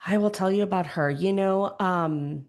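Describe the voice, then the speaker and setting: A middle-aged woman with a Chicago accent, a podcast guest speaking reflectively and thoughtfully, often pausing to search for words. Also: fairly low pitch, darkish tone. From Chicago area, USA. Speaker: podcast guest, grief educator. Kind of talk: reflective conversational interview.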